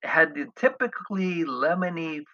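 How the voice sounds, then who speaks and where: Middle-aged man, sharp bright tone, dry self-mocking storyteller, dull lo-fi recording. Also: on the high side, expressive, a little slow. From United States. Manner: wry, self-mocking, chuckling asides. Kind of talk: humorous personal travel storytelling.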